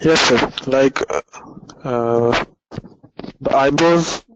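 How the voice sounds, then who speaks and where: A man answering as a student in an online class, hesitant and slow to answer. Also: mid-range voice, noisy background.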